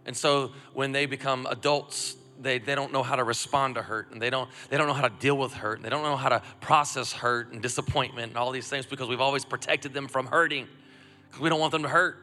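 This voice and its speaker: A man, a father of a young son, preaching a sermon and calling on the congregation to repeat phrases back, swinging between loud urging and hushed reflection. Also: mid-range voice, steady tone, brisk. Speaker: pastor. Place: church auditorium. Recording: long hall reverb, music faint behind.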